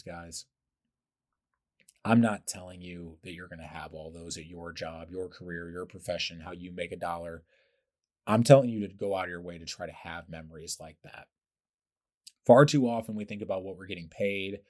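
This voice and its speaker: A young man hosting his own podcast, telling workplace stories in a casual, animated way, with loud profane bursts and quiet asides. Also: low voice, moderate pace. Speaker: podcast host. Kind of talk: casual storytelling monologue.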